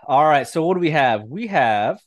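A man runs a tabletop game in a relaxed, casual way, and his voice sits in the middle range. The mic is dry and close, with little room sound around him. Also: fairly high pitch, normal speed, dry recording, lo-fi sound. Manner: relaxed, casual, loose with fillers. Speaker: game master.

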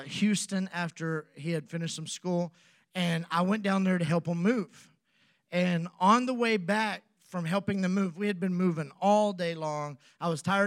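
A pastor with a high voice tells a personal story from the pulpit. He acts out both sides of a conversation and swings from quiet asides to loud, animated outbursts. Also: no room sound, studio quality. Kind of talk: storytelling sermon.

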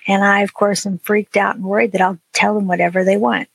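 A woman guest on a podcast, chatting casually with a gravelly, breathy edge to her voice. Her pitch stays fairly flat as she rambles through stories with lots of "you know" fillers. The sound is close and dry. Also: fast talker, hardly any pauses, no room sound, poor audio. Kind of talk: casual conversational chat.

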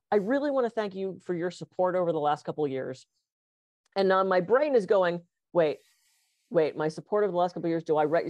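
A woman with a lower-pitched voice, talking fast and animatedly about her own experiences. She slips into the voices of the people in her stories. The recording is dry and close, with no room sound. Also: no echo. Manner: animated, acts out voices in anecdotes. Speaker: hypnotist, podcast guest. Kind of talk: casual conversation.

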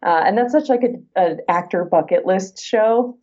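Chatty laughing actress, dull lo-fi sound. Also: female voice, medium pitch, darkish tone, slightly rough. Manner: chatty, laughs often, quick asides. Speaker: actress and guest. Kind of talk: casual interview chat.

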